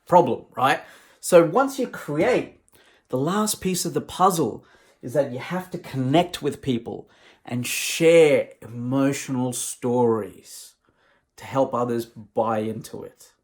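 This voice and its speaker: A man's voice: medium pitch, slow. A man, a professional speaker, giving an emphatic, conversational motivational talk.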